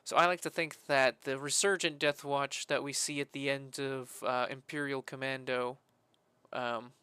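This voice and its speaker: A man talking casually while he builds a game map, rambling with many fillers and breaking into loud, sweary frustration. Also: medium pitch, level tone, moderate pace, clear, resonant tone, no echo. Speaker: modding streamer.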